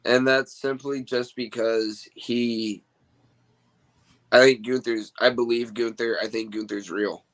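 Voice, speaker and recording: A man chatting as a guest on a live stream, rambling and excitable as he talks through old memories. His voice sits at an ordinary middle pitch. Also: slow pace, rough recording. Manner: rambling, excitable fan talk. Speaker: guest wrestler. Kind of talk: casual podcast chat. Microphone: remote call mic.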